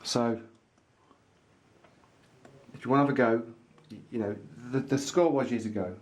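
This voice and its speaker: Bloke chatting away in a showroom, excited, recommending stuff, ordinary middle pitch. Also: male voice, normal speed. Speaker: vlogger. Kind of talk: casual showroom chat to camera. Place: pipe maker's showroom, indoors.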